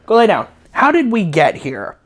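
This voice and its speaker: A man's voice: high-pitched, wildly swooping pitch, normal speed. Sarcastic, foul-mouthed man ranting. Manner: sarcastic, profane, rambling. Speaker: comedy video host. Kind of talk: comedic review rant. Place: at home with a dog.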